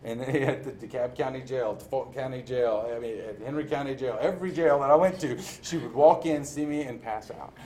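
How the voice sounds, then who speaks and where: A man's voice: medium pitch, brisk, hardly any pauses, warm tone, slight background noise. A man sharing his recovery story in a candid testimony, telling it with self-mocking humor and frequent laughter. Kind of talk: personal testimony talk.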